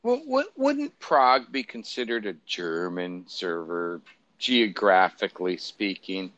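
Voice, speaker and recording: A man's voice: sits low, big pitch swings, a little slow, a bit bright, dry recording, highs cut off. A man co-hosting a casual political chat, rambling and sarcastic, swearing freely, with lots of fillers and restarts. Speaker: podcast co-host.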